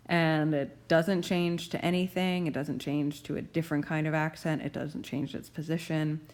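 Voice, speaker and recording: A young adult woman teaching grammar rules, stressing key terms slowly and deliberately. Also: low voice, darkish tone.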